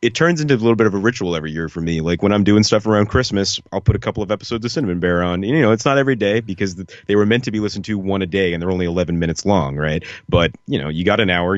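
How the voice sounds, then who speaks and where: A man's voice: low-pitched, racing, no echo. A man co-hosting a podcast, chatting casually and rambling with enthusiasm, full of fillers like "like" and "you know.". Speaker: podcast co-host. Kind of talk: casual chat. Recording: dull lo-fi podcast audio.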